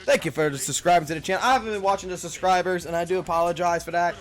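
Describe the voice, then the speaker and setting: A man's voice: high-pitched, rapid-fire. A man from Louisiana who hosts a stream, chatting casually while gaming and cursing freely as he plays. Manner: profane, animated, yelling at the game. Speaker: streamer and podcast host.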